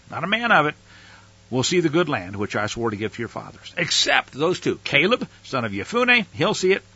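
A man's voice: a little high, sharp tone, breathy edge, no room sound, highs cut off. A man teaching from the Bible, reading scripture aloud with dramatic emphasis and breaking in with casual, plain-spoken asides.

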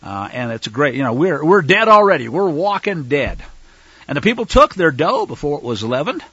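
Fiery preacher man, lively husky voice. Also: on the high side, normal speed, no room sound, highs cut off. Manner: fiery, denouncing opponents, breaks into shouts; many fillers and restarts when explaining. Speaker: preacher teaching scripture. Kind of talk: sermon.

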